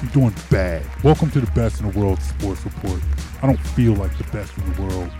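A man hosting a sports talk show, exasperated and animated, often repeating himself. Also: fairly low pitch, normal speed, over music.

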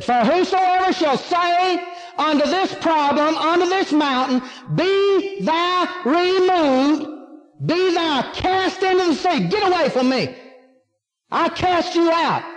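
A man preaching a sermon, emphatic and drawling key words as he asks and answers his own questions. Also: very high voice. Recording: long hall reverb.

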